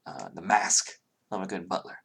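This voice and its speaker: A man from the Southern US narrating a tabletop game as game master, halting with many fillers. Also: deep voice, animated, vocal fry, bright, forceful tone, husky.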